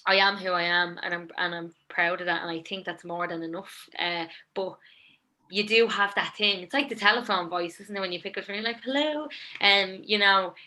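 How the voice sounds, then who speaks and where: A woman's voice: on the low side, fairly even intonation, brisk, sharp tone. A young woman with a Dublin accent, talking casually and at length as a guest in an interview, with many fillers. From Ireland. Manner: chatty, rambling, lots of fillers. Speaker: songwriter and guest.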